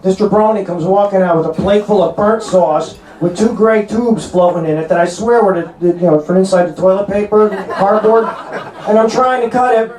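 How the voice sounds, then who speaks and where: A male stand-up comic in his 30s, with a North Jersey accent and a high-pitched, darkish voice, works a comedy club stage. He delivers brash, crude punchlines with quick asides in a roomy club as the crowd laughs.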